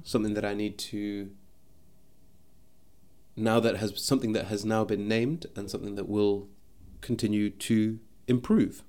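A man's voice: fairly low pitch, a little mellow. A man hosting a solo podcast, talking thoughtfully into a microphone and often restarting his sentences as he searches for words. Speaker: podcast host. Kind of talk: reflective solo podcast monologue.

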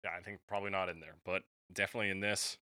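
Low-voiced man in casual wry chat. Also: flat delivery, racing, pushed and bright, no room sound, studio quality. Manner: wry, joking, swears casually. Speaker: podcast co-host.

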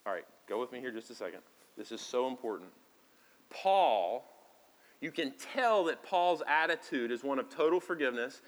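A man preaching a sermon as pastor, talking conversationally and moving between quiet asides and loud, emphatic lines. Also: medium pitch, expressive, moderate pace. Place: church sanctuary.

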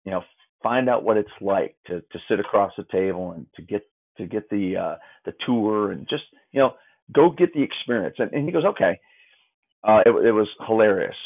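A man's voice: fairly low pitch, animated, moderate pace. A middle-aged man, a hockey player's parent, telling a story in conversation with lots of restarts, acting out other people's lines. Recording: tinny phone-line sound.

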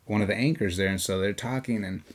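Man telling a story, lower voice. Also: quick pace. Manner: animated retelling, acts out quoted voices, swears casually. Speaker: podcast co-host. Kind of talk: casual storytelling chat.

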